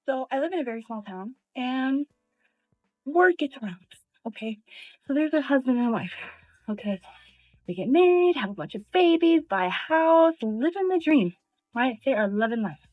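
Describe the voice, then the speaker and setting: A woman's voice: high voice, expressive, moderate pace, no room sound, faint music behind. A woman casually telling a story to her viewers in a chatty way, acting out each person's lines. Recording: tinny phone-like sound.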